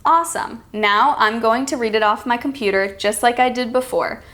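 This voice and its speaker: American woman, higher pitched, pronunciation lesson, careful stress, clear teaching voice. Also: a bit bright, slight background noise. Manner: clear, deliberate stressing of words for learners; calls herself extremely sarcastic. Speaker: accent coach. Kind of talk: teaching lesson with read-aloud examples.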